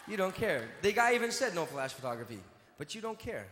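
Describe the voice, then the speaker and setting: A man's voice: high-pitched, big pitch swings, fairly quick, few pauses, noisy background. A man doing live stand-up comedy on a big stage, playfully teasing and bantering with the audience. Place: large live venue stage. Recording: echoey hall with long reverb, crowd ambience.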